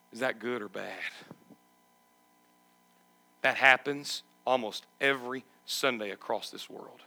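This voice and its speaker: Male pastor, bright and gravelly, emphatic sermon delivery. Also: mid-range voice. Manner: emphatic, asks the congregation questions.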